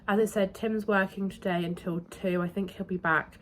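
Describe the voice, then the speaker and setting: A young woman vlogging casually about her day, chatty and relaxed, her voice hoarse as she is losing it. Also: mid-range voice, moderate pace, slight background noise. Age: young adult. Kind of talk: casual vlog chat.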